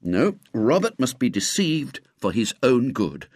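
A man reading a children's story aloud with expressive, lively narration. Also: mid-range voice, measured pace, no room sound, clean studio sound.

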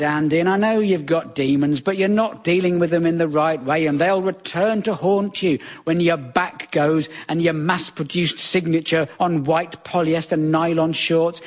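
A wry British man doing a sardonic stand-up comedy monologue in a conversational manner. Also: high voice. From Britain.

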